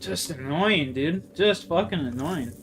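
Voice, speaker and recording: A young man with a Canadian accent talks to his livestream audience between rounds of a game. His voice sits a touch high, and he vents in a frustrated, expletive-laden rant. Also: lively intonation, measured pace, fairly bright tone, slight background noise. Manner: profane, heated, frustrated ranting. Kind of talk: ranting to livestream chat while gaming.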